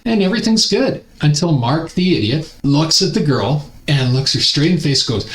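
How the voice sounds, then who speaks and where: A Canadian man hosting his channel, telling a personal story in a chatty, animated way with exasperated asides. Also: fairly high pitch, fairly quick, hardly any pauses, reverberant, rough recording. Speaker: host. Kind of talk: casual storytelling commentary.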